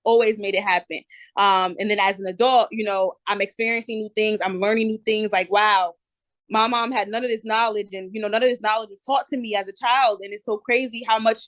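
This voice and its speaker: A guest entrepreneur in her twenties with a New Jersey accent talks candidly in a casual podcast interview. Her mid-range voice moves a little fast, lively and peppered with "um" and "you know," in a dry, close recording with no room sound.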